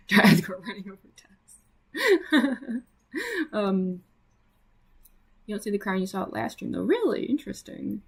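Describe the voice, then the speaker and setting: Young woman, casual livestream chat, filler-heavy, laughing, mid pitch, gravelly fry. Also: animated, takes it slowly, long pauses. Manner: chatty, lots of fillers and laughs, greets viewers. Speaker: livestreaming artist.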